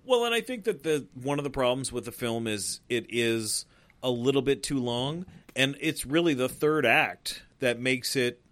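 A man talks through a film with a friend in loose, excited podcast chatter, his voice sitting in an ordinary middle register. The sound is dry and close, with no room around it. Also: medium pitch, moderate pace, no room sound. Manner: animated, profane, laughs often. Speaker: podcast co-host. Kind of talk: casual movie discussion.

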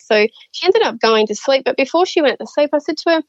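A woman, a nurse, chatting as a guest and telling her stories in a lively way, laughing often and acting out what people said. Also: high-pitched, quick pace, hardly any pauses, no room sound. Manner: animated, laughs often, acts out quotes. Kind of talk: casual storytelling chat. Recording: slightly dull lo-fi audio.

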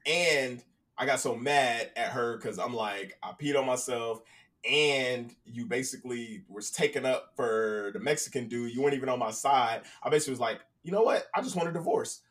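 A man telling a casual story on a podcast, profane and animated, acting out both sides of conversations. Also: medium pitch, moderate pace, distant mic.

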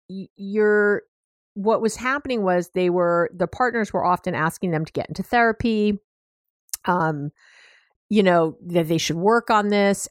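A woman therapist talks straight to the listener in a chatty, direct podcast style, full of filler words. She slips into quick impressions of clients and partners. Her mid-range voice sounds close and dry, with no room echo. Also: medium pitch. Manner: chatty and direct, many "you know" fillers. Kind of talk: podcast advice talk.

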